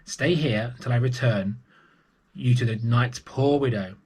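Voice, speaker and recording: A man's voice: mid-range voice, a little slow, a little mellow, husky. A man reading as a brave young girl. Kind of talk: storybook reading for young children.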